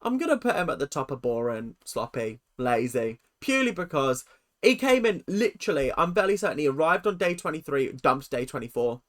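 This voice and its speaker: An animated voice ranting through a ranking of reality-show contestants. The delivery is sarcastic and lively, leaping high on outbursts and dropping low for asides. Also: brisk. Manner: animated, sarcastic, jumping pitch. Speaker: YouTube commentator.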